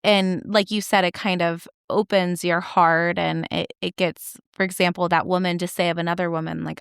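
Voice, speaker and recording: Woman host, gravelly yet smooth, lowish and flat, conversational lead-in to questions. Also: moderate pace, hardly any pauses, dry recording, studio quality. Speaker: podcast host.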